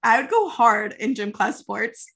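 A playful woman co-host chats casually and giggles often. Her voice is fairly high and bright, with an edge of tension. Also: very animated, a little slow, creaky. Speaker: podcast co-host. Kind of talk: casual chat.

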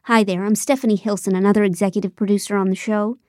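A woman's voice: mid-range voice, fairly even intonation, fast, mellow, no room sound, studio quality, natural voice. A woman reading the part of a composed, confident female TV executive who speaks in a businesslike way.

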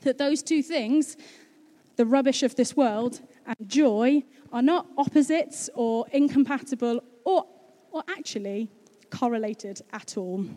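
A woman's voice: high voice, measured pace, dark tone. A chatty, bubbly woman, giving a casual sermon to her congregation as pastor. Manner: bubbly and chatty, laughing easily.

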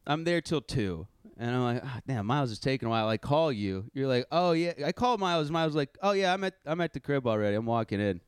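Young male podcast host, animated storyteller with a lively voice, recorded dry and close. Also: medium pitch, fast, hardly any pauses, clear, resonant tone, no room sound. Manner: animated, swearing, acting out quotes. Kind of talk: casual storytelling.

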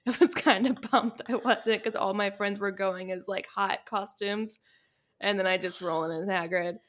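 A woman's voice: mid-range voice, steady tone, moderate pace, a bit bright. A woman from the United States chatting on a podcast with a middle-range voice. She tells meandering stories with lots of "like" and breaks into laughter easily. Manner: rambling storyteller, laughs often. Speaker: podcast co-host. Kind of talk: casual chat.

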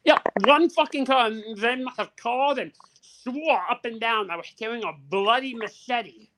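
A man's voice: extremely high pitch, normal speed, heavy background noise. A man on a podcast telling a story in casual chat, swearing freely and acting out the people in it. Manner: profane, animated, acts out the people in his stories. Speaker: podcast co-host.

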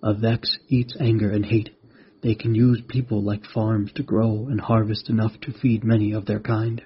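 A man voicing a calm, wise glowing mantis guardian in a storybook, speaking gently and explaining patiently. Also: on the low side, moderate pace, a little hiss or hum, natural voice. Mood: gentle. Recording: dull lo-fi recording.

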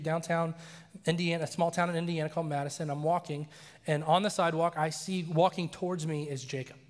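A man preaching a sermon as a story, animated and acting out the voices he quotes. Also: fairly high pitch. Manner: animated, acts out quoted voices, laughs often. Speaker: pastor. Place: church sanctuary. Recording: long reverb of a large church hall.

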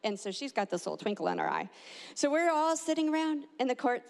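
A woman with a fairly high voice tells a family story in an animated way, jumping up in pitch to act out quotes. Her voice rings out with a long hall reverb around it. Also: fast. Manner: animated, acts out quotes with big pitch jumps. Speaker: adoptive mother telling a family story. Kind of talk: personal storytelling.

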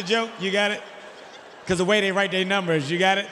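A man doing stand-up comedy, telling stories in a loud, animated, profane way and acting out other characters. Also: high voice, a little fast, big-room sound, crowd noise, noisy background. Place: stage before a live audience.

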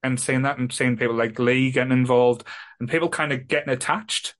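A man's voice: mid-range voice, steady tone, a little fast, a bit bright. A man co-hosting a casual group chat, rambling, restarting and swearing a lot. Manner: rambling, repeats himself, swears. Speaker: co-host.

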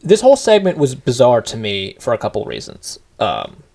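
A man co-hosting a casual podcast, recapping wrestling in an animated, sarcastic way. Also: medium pitch, normal speed, vocal fry. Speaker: podcast co-host.

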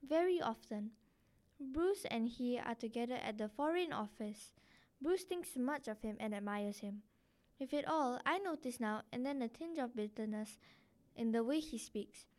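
A woman's voice: a little high, animated, normal speed, darkish tone, lightly acted. A woman reading aloud as a sensible young wife and mother who answers politely and protests firmly. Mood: protesting.

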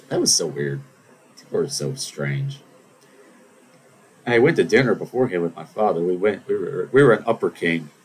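A man with a low voice tells a story in a loose, rambling podcast monologue. He drifts between topics and adds wry asides as he goes. A faint noise sits under his voice. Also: low-quality recording. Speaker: podcast host.

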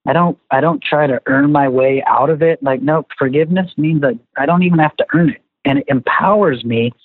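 Male interview guest, animated storyteller, tinny phone-line sound, dry. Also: on the high side, fairly quick, no room sound. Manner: animated storyteller, acts out family dialogue. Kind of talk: conversational interview.

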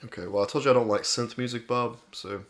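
A man's voice: mid-range voice, steady tone, fast, background noise. A man co-hosting a podcast in casual chat, easygoing and self-deprecating with many small restarts. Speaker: podcast co-host.

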